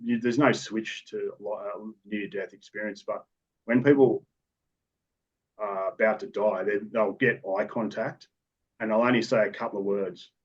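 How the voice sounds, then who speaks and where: A low-pitched Australian man recounts his police work in a podcast interview. He talks matter-of-factly and rambles, often restarting his sentences. The recording sounds dull and lo-fi. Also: fairly even intonation, moderate pace, breathy edge. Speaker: police officer guest.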